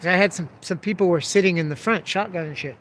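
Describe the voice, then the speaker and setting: A man's voice: high voice, quick pace, a bit bright, slight background noise. A man telling a story casually, swearing freely and calling the listener dude and bro. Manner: profane, laid-back, peppered with "dude" and "bro".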